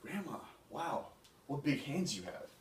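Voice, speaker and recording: A man's voice: fairly low pitch, fast, natural voice. A man voicing a sweet, wide-eyed little girl in a red hood, innocent and full of wonder. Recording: echoey room, mic far off, faint hiss.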